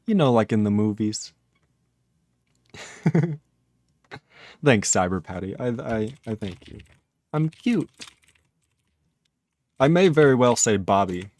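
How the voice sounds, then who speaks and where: A man's voice: on the low side, darkish tone, no room sound, studio quality. A man live-streaming his programming work, thinking aloud in casual talk, chuckling often and chatting with his viewers.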